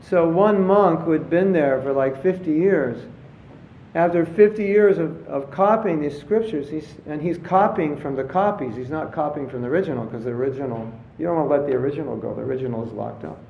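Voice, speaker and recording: A man's voice: on the high side, brisk, gravelly, a little hiss or hum. A man giving a casual spiritual talk to an audience, telling jokes and stories and briefly acting out voices in them. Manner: storytelling, acts out voices in his anecdotes. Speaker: spiritual teacher. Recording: roomy, slightly dull lecture recording.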